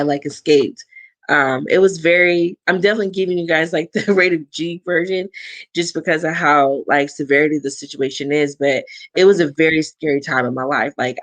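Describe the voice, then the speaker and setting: A young adult woman, a guest, telling a personal story and acting out the dialogue with big jumps in pitch. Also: no room sound. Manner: animated, acts out quoted dialogue with big pitch swings.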